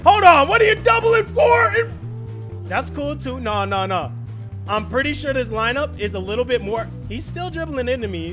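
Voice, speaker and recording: A man giving live, excitable commentary over a basketball video game, often shouting at big plays. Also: extremely high pitch. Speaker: gaming YouTuber.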